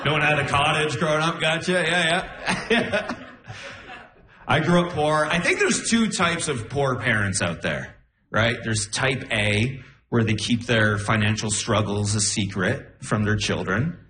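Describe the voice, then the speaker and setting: Animated stand-up comic man, bright voice. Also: a little slow. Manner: animated storytelling, jumping into high-pitched incredulous outbursts. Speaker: stand-up comedian. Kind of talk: stand-up comedy set. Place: comedy club stage. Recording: roomy live venue sound. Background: audience laughter.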